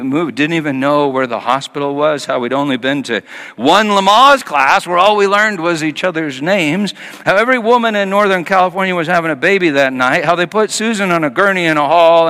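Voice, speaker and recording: A man preaching a sermon as pastor, telling a personal story and moving from hushed passages to loud acted quotes. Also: fairly high pitch. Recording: long hall reverb.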